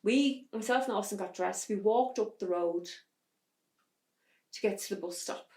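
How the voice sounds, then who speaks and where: Woman, gravelly voice, halting testimony, roomy echo. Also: mid-range voice, mellow. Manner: halting, restarts under strain. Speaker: podcast guest. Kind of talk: personal testimony in an interview.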